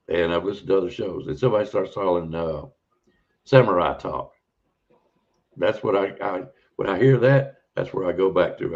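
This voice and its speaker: A man's voice: low voice, vocal fry, darkish tone. A man, a podcast guest telling a rambling, folksy encounter story in a casual way. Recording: dull lo-fi audio.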